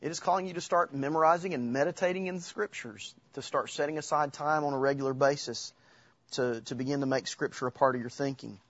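Husky-voiced man teaching on Scripture. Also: mid-range voice, no echo, lo-fi sound. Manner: halting, restarts while quoting Scripture from memory. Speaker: Bible teacher. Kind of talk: informal church teaching talk.

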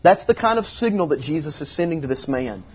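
Husky-voiced pastor preaching earnestly. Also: male voice, expressive, quick pace, dull audio. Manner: earnest, emphatic, voicing quoted pleas with rising pitch. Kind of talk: sermon.

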